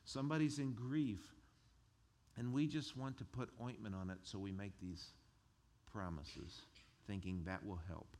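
A male pastor who preaches a sermon in a conversational, animated way and chuckles between his points. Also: mid-range voice, normal speed.

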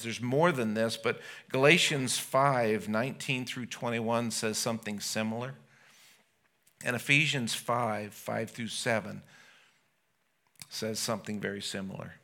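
A man preaching as a pastor, his voice very bright and forceful. He talks earnestly to his congregation and builds to impassioned exclamations. His pitch sits in an ordinary middle range. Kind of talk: sermon.

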